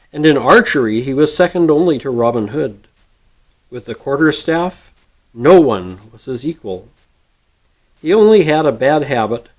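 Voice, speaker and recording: A man reading a storybook chapter aloud with expressive narration. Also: mid-range voice.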